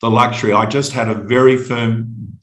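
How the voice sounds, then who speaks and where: A middle-aged Australian man telling his personal story as a podcast guest, halting and reflective, often repeating words. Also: medium pitch, steady tone, fairly bright tone, reverberant, low-quality recording.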